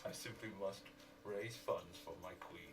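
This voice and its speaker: A man playing a pompous cyborg loyal to his queen, with a halting, haughty delivery. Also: low-pitched, far from the mic.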